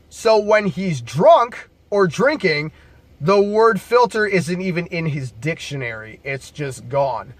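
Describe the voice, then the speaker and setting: A man's voice: fairly high pitch, no room sound. A man casually telling bar stories to camera as a bouncer, laid-back, profane and jokey.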